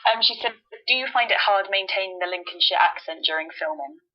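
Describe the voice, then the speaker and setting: A woman's voice: mid-range voice, expressive, fairly quick, muffled recording. A woman hosting a podcast, chatting and reading out listener questions, laughing easily. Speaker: podcast host.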